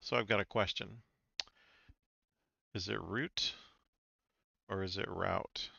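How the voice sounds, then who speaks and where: A man's voice: on the low side, steady tone, normal speed, creaky, bright, forceful tone, no echo, muffled recording. A man giving casual commentary over a flight simulator game, thinking aloud and reading on-screen instructions with small stumbles. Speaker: flight simulator gameplay creator.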